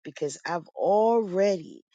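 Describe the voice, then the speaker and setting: A middle-aged woman giving a personal testimony in a lively, storytelling way, often breaking into laughter. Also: lowish voice, slow, no echo, muffled recording. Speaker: guest sharing testimony.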